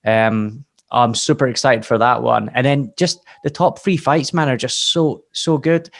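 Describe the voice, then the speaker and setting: Excitable young Scottish man. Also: mid-range voice, a little slow, vocal fry. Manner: enthusiastic, filler-heavy. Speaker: podcast co-host. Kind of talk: casual chat.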